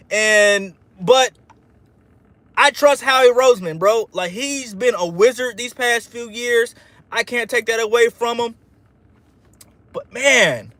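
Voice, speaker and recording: A man livestreams in a casual, fired-up ramble, trash-talking and answering chat while tossing "man" into nearly every sentence. His voice sits very high and sounds bright and forceful. The recording is dry and close, with no room sound. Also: no echo. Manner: peppers speech with "man". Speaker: sports fan livestream host. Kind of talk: casual live-stream reaction while reading chat.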